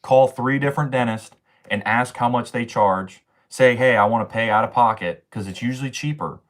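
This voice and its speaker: A man's voice: mid-range voice, normal speed. A young man chatting casually on a livestream, ranting in slang and swearing often while he answers his chat.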